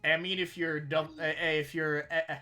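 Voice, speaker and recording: Bright, slightly high man, playful and chatty player. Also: flat delivery, soft background music. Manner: joking, laughing, quick. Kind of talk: casual chat.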